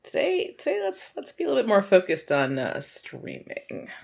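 A woman's voice: a little high, huge pitch swings, quick pace, gravelly, darkish tone. A woman hosting a podcast in casual chat, rambling and laughing often between fillers. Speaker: podcast host.

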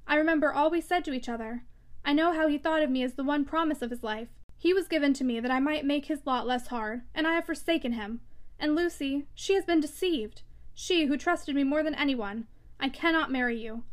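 An anguished young woman pleading with earnest feeling in a classic novel read aloud, voiced by a woman narrator. Her voice rides high and trembles with urgency. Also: brisk, lightly acted. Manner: earnest, pleading, emotional delivery.

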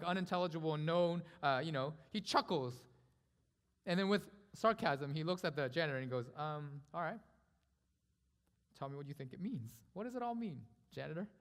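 A man preaching a sermon as pastor, swinging from loud exclamations to hushed, earnest tones. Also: fairly high pitch. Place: church sanctuary. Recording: reverberant hall with soft guitar.

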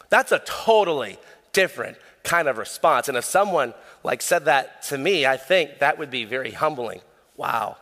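A young man preaching a sermon as pastor, casual and animated, telling stories with lots of fillers. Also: medium pitch, normal speed. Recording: long hall reverb.

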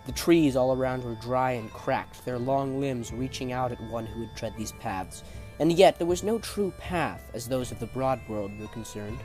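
Male narrator for a fantasy audiobook, mid-range voice, measured and dramatic, soft music behind him. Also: mid-range voice.

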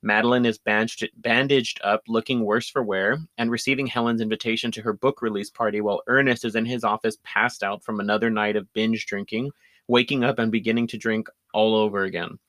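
A man's voice: fairly low pitch, steady tone, fairly quick, a bit bright, no echo. Chatty man recapping a film. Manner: enthusiastic, laughs often, restarts sentences. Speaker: podcast co-host. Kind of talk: casual film recap chat.

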